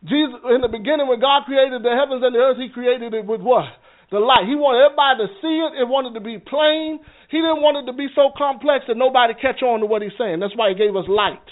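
High-voiced man teaching over a phone-like line. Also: a little fast. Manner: conversational, checks in with the room, repeats words. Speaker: minister teaching a Bible class. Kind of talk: church teaching session. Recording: phone-like narrow sound.

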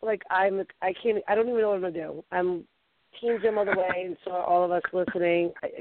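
A woman host with a Boston accent, chatting effusively in an interview, halting often with fillers. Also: lowish voice, fairly even intonation, no room sound. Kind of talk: casual interview chat. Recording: tinny phone line, dry.

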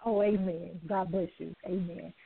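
A woman's voice: lowish voice, fairly even intonation, moderate pace, creaky, crowd noise. A woman hosting a Christian radio talk show, exuberant and preachy, laughing often and calling out "amen". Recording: tinny phone-like line.

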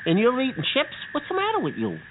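A man voicing an earnest young bean hero who gets exasperated with his partner and keeps telling her to calm down. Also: extremely high pitch, fast, pitched above the performer's own voice, exaggerated voice. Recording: tinny phone-like line with noise.

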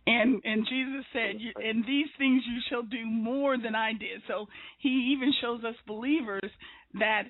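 A woman's voice: a little high, steady tone, unhurried, dry recording. A woman hosting an interview, telling stories earnestly, with restarts and whispered asides. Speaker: interviewer and show host. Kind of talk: conversational faith interview. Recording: tinny phone-line sound.

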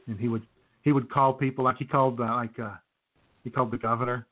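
A man's voice: medium pitch, steady tone, fast talker. Rambling male radio co-host, tinny. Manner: rambling storyteller with many fillers. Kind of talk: casual chat. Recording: tinny phone-like sound.

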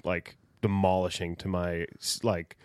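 A man's voice: deep voice, level tone, unhurried, darkish tone, smooth, dry recording, clean studio sound. A young man co-hosting a casual sports podcast, talking in an easygoing, hesitant way. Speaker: podcast co-host.

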